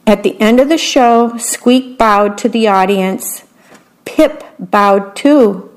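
A woman reading a children's picture book aloud, pausing to describe the pictures in a chatty aside. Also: fairly high pitch, poor audio. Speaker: storybook reader.

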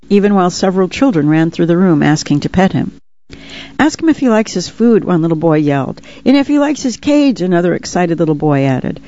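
A woman's voice: deep voice, dark tone, highs cut off. Woman reading her memoir, earnest and reflective. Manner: earnest, reflective, heartfelt storytelling. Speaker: author reading her own book. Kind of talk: audiobook memoir narration.

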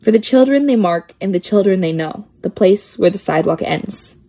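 A woman's voice: medium pitch, expressive, normal speed, dark tone. A woman reading children's poems aloud with a lilting, playful sing-song delivery. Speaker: poetry reader.

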